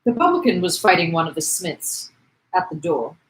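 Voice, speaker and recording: A woman co-hosting a podcast, reading a novel aloud and shouting out the quoted lines. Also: lowish voice, normal speed, reverberant, rough recording. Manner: lively, loud shouts for dialogue. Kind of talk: casual read-aloud podcast.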